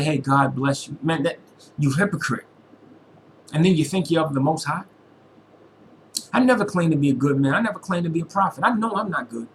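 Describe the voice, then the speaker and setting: A man's voice: on the high side, a bit bright, a little hiss or hum, poor audio. A man speaking to his followers in an impassioned, preachy monologue. He quotes scripture, talks in slang, and repeats lines for emphasis. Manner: informal slangy speech. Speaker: religious vlogger.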